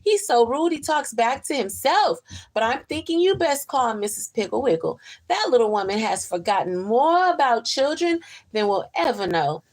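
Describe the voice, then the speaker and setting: A woman voicing a chatty, gossipy housemaid with a lively, folksy way of talking. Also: a little high, moderate pace.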